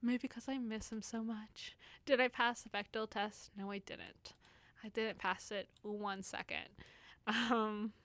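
A woman's voice: on the high side, steady tone, measured pace, a bit bright, no echo. A young woman hosting a casual radio chat show, rambling and giggling, often poking fun at herself. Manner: giggly, rambling, self-deprecating.

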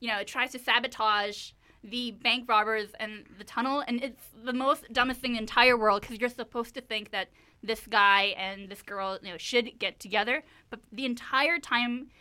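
A woman's voice: a little high, normal speed, clear, resonant tone. A woman co-hosting a podcast, chatting casually and animatedly about a film she saw, with lots of fillers. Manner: animated, many "like" and "you know" fillers. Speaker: podcast co-host. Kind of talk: casual chat recapping a film.

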